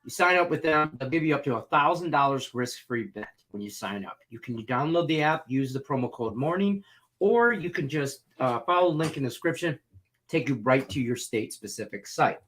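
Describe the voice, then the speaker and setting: A man with a medium-pitched voice speaks briskly while co-hosting a sports betting talk show. In casual chat he tells rambling, jokey stories with animated energy.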